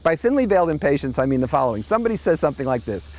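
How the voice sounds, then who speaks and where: A middle-aged man hosts a commentary monologue in a sardonic, mocking tone. His voice sits a touch high for a man and swings widely up and down, with bursts of incredulous emphasis. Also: big pitch swings, rapid-fire, a little mellow. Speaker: host. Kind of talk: monthly opinion commentary monologue.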